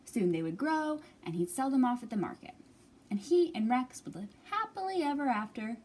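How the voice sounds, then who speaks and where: A woman librarian reading a picture book aloud at a children's storytime, expressive and animated. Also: a little high, normal speed, slightly rough.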